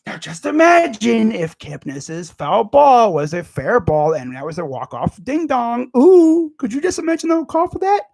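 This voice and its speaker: A young man runs his own sports channel and rants casually about his team. His voice sits fairly high and has a husky, breathy grain. He stumbles and repeats himself as the frustration spills out. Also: huge pitch swings, normal speed, few pauses, darkish tone. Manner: ranting, exasperated, repeats himself.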